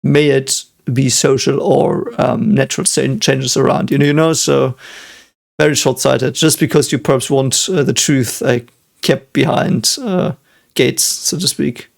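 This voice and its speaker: A man with a gravelly, creaky voice gives casual reaction commentary. He muses out loud in a reflective, analytical way. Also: mid-range voice, fairly even intonation, measured pace. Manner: reflective, thinking aloud, analytical. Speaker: physicist reacting to an anime episode.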